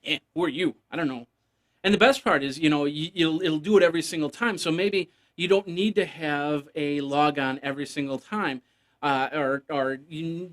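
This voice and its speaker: A man hosting a casual solo tech news podcast, rambling and joking, now and then making beeping computer noises. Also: fairly high pitch.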